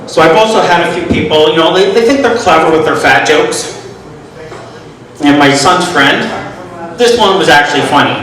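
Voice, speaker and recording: A middle-aged man doing a stand-up comedy set with deadpan, self-deprecating punchlines. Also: a little high, normal speed, pauses often. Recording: echoey room, mic from far off.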